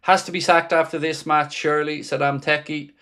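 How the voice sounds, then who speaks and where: Sarcastic football-fan host, slightly high voice. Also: male voice, fairly even intonation, fairly quick, sharp tone. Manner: sarcastic, dry fan commentary. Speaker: watchalong host. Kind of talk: live football watchalong chat, reading viewer messages.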